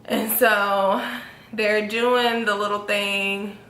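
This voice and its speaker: Bright animated young woman storyteller. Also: drawn-out words, a little hiss or hum. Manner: animated, acts out quotes with big pitch jumps. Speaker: vlogger. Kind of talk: casual storytelling. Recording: echoey room with faint ambience.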